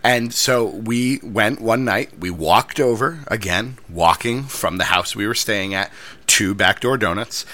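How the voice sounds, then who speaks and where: A man chatting casually, reviewing a donut and telling a story in a measured, patient way. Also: on the low side, sharp tone. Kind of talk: casual chat, food review.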